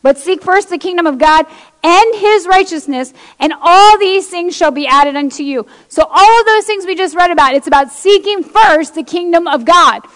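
A woman's voice: extremely high pitch, normal speed, fairly bright tone, long reverb tail. A woman preacher giving an impassioned sermon, reading scripture aloud and speaking straight to her congregation in a church.

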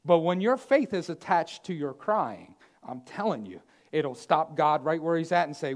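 A man preaching a sermon, emphatic and repetitive, swinging between loud declarations and hushed asides. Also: fairly high pitch, expressive, normal speed.

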